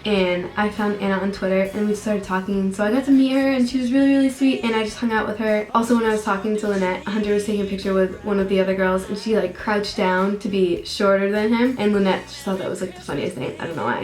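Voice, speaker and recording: A young woman from the United States tells a story in a chatty, rambling way. She says "like" all the time and lifts her voice to act out what people said. The recording is roomy and echoey, with faint music behind her. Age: young adult. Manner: chatty, full of "like", acts out quotes in a higher voice. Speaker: vlogger. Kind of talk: casual storytelling to camera.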